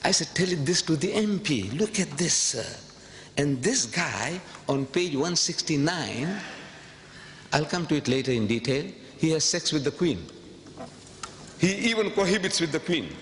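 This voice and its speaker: A man giving a public lecture to an audience, emphatic and rhetorical, repeating phrases and swinging from quiet asides to sudden high outbursts. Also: expressive, normal speed. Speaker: public speaker. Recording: long hall reverb, faint background noise.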